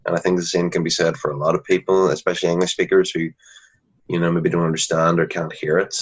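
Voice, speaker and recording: A man's voice: low-pitched, little pitch movement, fast, slightly rough. A man, a guest in a casual interview, talking earnestly and often restarting his sentences. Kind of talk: casual conversation. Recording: dull lo-fi recording.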